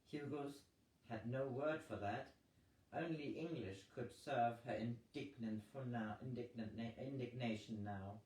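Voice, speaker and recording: A man reading a novel aloud in a slow, measured way, with occasional slips. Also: medium pitch, a little mellow. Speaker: audiobook reader. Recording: roomy, distant mic with faint noise.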